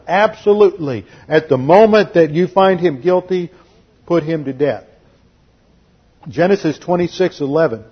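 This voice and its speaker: A man with a fairly high, husky voice teaching from the Bible like a pastor at the pulpit. He is emphatic and didactic and drives his points home. The recording sounds dull and lo-fi.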